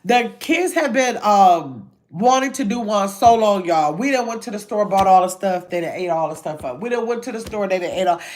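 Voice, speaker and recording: A woman's voice: mid-range voice, expressive, moderate pace, hardly any pauses, a little mellow. An older woman, chatting casually on a livestream from a hotel room, reading viewer comments and calling them y'all. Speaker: livestream host.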